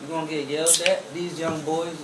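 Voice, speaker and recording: A man's voice: a little high, little pitch movement, fairly quick. A man chatting casually on a talk show, laid-back and profane, laughing often. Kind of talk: casual podcast chat. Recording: echoey room, distant mic, audible noise.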